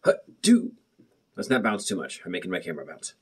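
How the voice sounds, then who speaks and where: Young guy rambling nervously at his bathroom sink, kinda husky, muffled camera mic. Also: low voice, lively intonation, racing, a bit bright. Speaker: vlogger. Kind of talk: casual chat to camera. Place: bathroom at home. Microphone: built-in camera mic, muffled.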